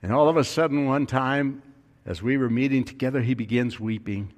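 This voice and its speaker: A man's voice: medium pitch, brisk. Preaching man in a reverberant hall. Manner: storytelling preacher, voice rising with emphasis. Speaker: pastor. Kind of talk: sermon.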